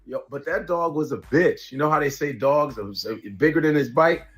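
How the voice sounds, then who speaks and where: A man telling a funny story on a live stream, animated and profane, laughing at his own jokes. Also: on the high side, normal speed, faint music behind.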